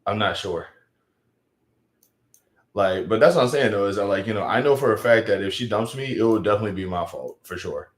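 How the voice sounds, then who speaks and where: A man with a lowish voice talks casually on a live stream, rambling and poking fun at himself. The sound is roomy and echoey. He reads viewer comments aloud. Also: animated, a little fast, pauses often. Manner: rambling and self-mocking. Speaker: live streamer reading chat. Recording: echoey room.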